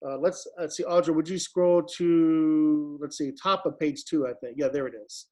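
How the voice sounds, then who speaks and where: A man's voice: on the high side, fairly even intonation, normal speed, darkish tone. A man directing a virtual choir rehearsal, patiently explaining Latin diction and demonstrating each sound. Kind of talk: online rehearsal instruction.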